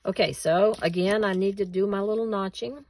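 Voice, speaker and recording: A woman's voice: medium pitch, fairly even intonation, normal speed, dry recording. A woman hosting a casual craft tutorial at home, chatting with viewers and laughing at herself as she cuts and glues.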